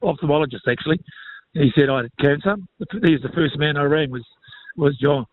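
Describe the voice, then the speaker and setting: A man's voice: fairly high pitch, no echo. Reflective Kiwi man on a thin line. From New Zealand. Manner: reflective, halting, many fillers. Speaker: former rugby player, guest. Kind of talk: casual interview. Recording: phone-like thin sound.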